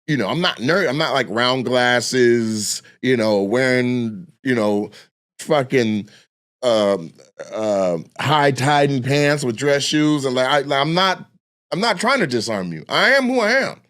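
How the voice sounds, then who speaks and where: A young adult man from Washington state, a comedian hosting a casual chat, telling stories with profane, animated outbursts and acted-out voices. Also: mid-range voice, measured pace. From Washington state, USA. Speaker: comedian podcast host.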